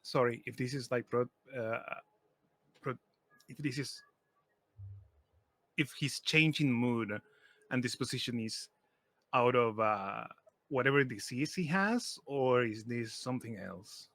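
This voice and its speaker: A man's voice: medium pitch, unhurried, pauses often, a bit bright, no echo. A man playing in a tabletop game, speaking hesitantly with many fillers. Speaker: player. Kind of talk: casual tabletop play.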